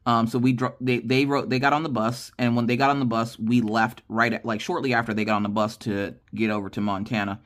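Chatty woman telling a lively story. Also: rumbling low, fairly quick, few pauses. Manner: animated, acts out quoted dialogue with lively voice shifts; chatty, with many fillers and restarts. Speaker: craft channel host. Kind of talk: casual storytelling chat.

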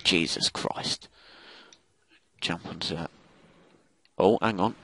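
A man's voice: sits low, slow, a bit bright, a little hiss or hum. A young man giving live commentary over a shooter game, swearing and ranting in frustrated outbursts. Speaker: gaming commentator.

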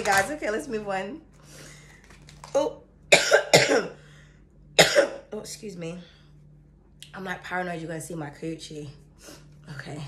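A woman giving a chatty, excitable tarot reading to her viewers, her throat sore and coughing now and then. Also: medium pitch, measured pace, pauses often, noisy background. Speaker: tarot reader. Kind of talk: casual astrology reading to camera.

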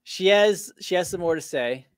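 A man hosting a casual interview, talking haltingly with frequent laughs and restarts. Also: high-pitched, lively intonation, heavy background noise. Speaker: host.

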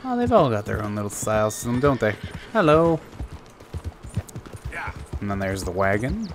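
A man's voice: on the low side, sing-song, normal speed, soft background music. A young man chatting through a let's play, curious and thinking aloud as he goes. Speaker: gamer.

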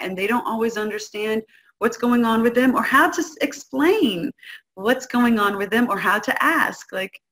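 A woman guest-hosting a parenting talk, speaking conversationally and often checking in with the listener. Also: on the high side. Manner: conversational, keeps checking in with "right?"; acts out quoted parents and kids in lively voices. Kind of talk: casual teaching talk to an audience.

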